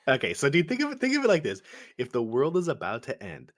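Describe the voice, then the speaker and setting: A man's voice: medium pitch, huge pitch swings, fast, dry recording, studio quality. A man co-hosting a podcast, chatting casually about movies, laid-back, swearing and laughing often. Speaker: podcast co-host.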